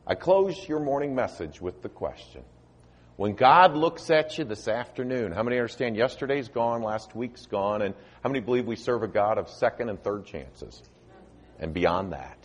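A man preaching a sermon and leading an altar invitation in a church auditorium, with dramatic pauses and phrases that sink to a near hush at their ends. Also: sits low, expressive, husky. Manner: dramatic pauses, voice dropping soft at line ends. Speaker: visiting preacher.

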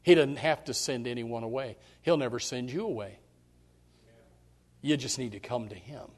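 A man's voice: medium pitch, moderate pace, a little mellow. A male pastor preaching a sermon, emphatic and direct with the congregation, repeating his key phrases. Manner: speaks straight to the congregation.

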